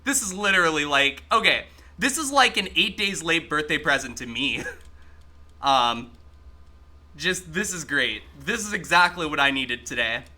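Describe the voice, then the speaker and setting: A man streaming a game live, chatting excitably with his viewers and swearing freely as he plays. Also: a little high, normal speed. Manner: talks to chat while playing. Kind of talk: casual live-stream gaming commentary.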